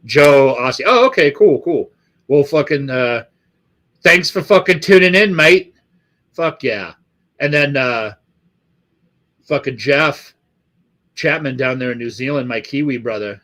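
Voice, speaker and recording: A man's voice: medium pitch, unhurried, fairly bright tone. A middle-aged man from the Los Angeles area hosting a live stream, chatting casually with viewers in a rambling, profane way full of fillers.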